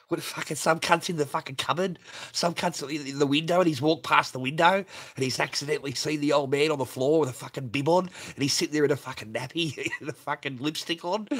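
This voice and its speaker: A livestream host with a high-leaning, slightly bright and husky voice laughs through a crude, casual rant as he reads viewer superchats.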